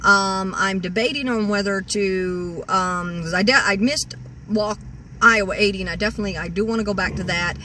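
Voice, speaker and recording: A woman's voice: mid-range voice, steady tone, normal speed, sharp tone, distant mic, a little hiss or hum. Rambling woman in her sixties, off-mic. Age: 60s. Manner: rambling, full of restarts and repeated words. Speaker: car-camping vlogger. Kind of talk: rambling vlog rant. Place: parked vehicle in a store parking lot.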